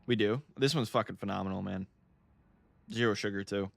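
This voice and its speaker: A man's voice: on the low side, brisk, creaky, dry recording. A young man from the United States, chatting casually while streaming a game, laid-back and swearing freely. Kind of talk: casual livestream chat while gaming.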